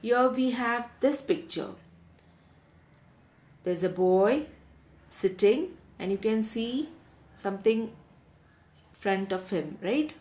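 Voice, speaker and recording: A woman teacher, taking a class of children through a lesson, repeating each question and answer slowly so they can write it down. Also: fairly high pitch, animated, darkish tone. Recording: roomy echo.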